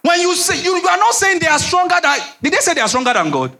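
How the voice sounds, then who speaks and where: A young Nigerian man preaching a sermon as pastor, animated, repeating phrases and dropping into a low voice to act out quotes. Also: fast talker, gravelly.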